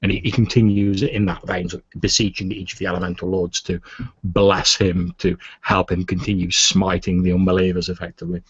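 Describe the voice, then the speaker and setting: A man's voice: sits low, flat delivery, a little fast, breathy edge, no echo. A man narrating a tabletop game as game master, in loose narration full of "sort of". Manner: loose, filler-heavy narration. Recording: muffled lo-fi recording.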